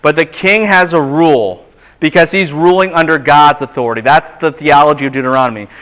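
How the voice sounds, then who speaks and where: A man giving a classroom lecture, lively and emphatic, often quizzing his students and acting out quoted voices. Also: fairly high pitch, brisk, rough recording. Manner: animated, asks the class questions and acts out voices. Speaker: seminary lecturer.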